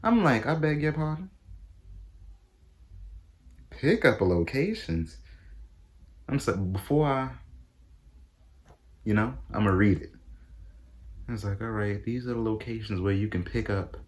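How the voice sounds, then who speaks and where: A young man tells a casual vlog story and acts out his own reactions, jumping into high-pitched exclamations. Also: normal speed, pauses often, a little mellow. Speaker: vlogger.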